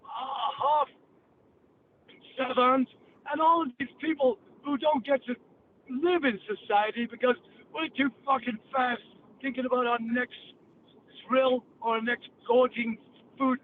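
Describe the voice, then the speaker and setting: A man's voice: very high voice, steady tone, measured pace, long pauses. A male podcast host with a Cockney accent, rambling through a brash, profane monologue. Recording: tinny phone-like line, faint hiss.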